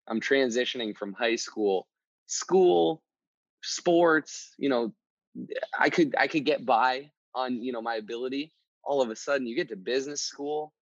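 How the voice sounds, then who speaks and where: A man hosting a motivational podcast, telling a personal story in a casual, energetic way and often repeating himself. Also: mid-range voice, no room sound. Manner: energetic, conversational, repeats words. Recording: dull, dry sound.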